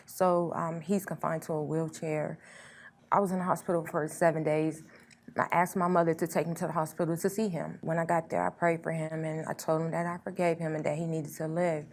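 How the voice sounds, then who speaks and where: Low gravelly woman telling her story. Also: little pitch movement, a little fast, darkish tone. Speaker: guest sharing her story. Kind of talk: emotional personal testimony.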